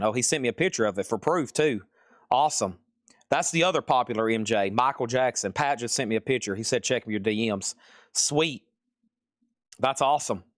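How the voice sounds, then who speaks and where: A man's voice: medium pitch, no echo, studio quality. A man hosting a live-streamed vinyl sale, rattling off titles and prices in an upbeat, casual patter. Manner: rapid-fire listing of items and prices, upbeat.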